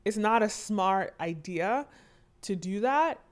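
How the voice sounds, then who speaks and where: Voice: medium pitch, lively intonation, takes it slowly. Casual commentary host. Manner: conversational, with fillers and asides.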